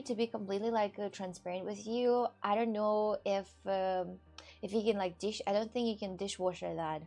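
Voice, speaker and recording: Russian-accented woman streamer, rambling, chatty, mid-pitch voice, faint music underneath. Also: a little mellow. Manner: rambling and chatty, with loose non-native grammar. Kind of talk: casual livestream chat with viewers.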